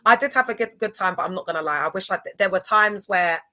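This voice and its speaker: A woman's voice: medium pitch, fast, sharp tone. A young woman chatting casually to viewers on a livestream, laughing often. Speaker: livestream host.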